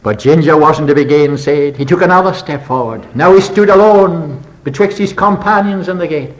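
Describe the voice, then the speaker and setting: An older preacher tells his sermon as a dramatic story, alternating between booming passages and hushed, low ones. He speaks at a normal speed, and the recording is rough.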